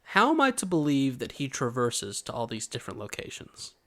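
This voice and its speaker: A man's voice: mid-range voice, huge pitch swings, a little fast, a bit bright. A man in his twenties co-hosting a podcast, chatting casually with rambling, joking stories. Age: 20s. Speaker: podcast co-host. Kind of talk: casual chat.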